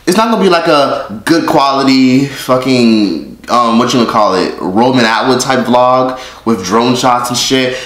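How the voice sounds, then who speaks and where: A man's voice: mid-range voice, moderate pace, hardly any pauses, a bit bright. A man vlogging casually to his phone camera, joking with viewers and swearing often. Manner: profane, joking, talks to viewers directly. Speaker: YouTuber vlogger. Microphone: phone held by hand. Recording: echoey room, faint noise.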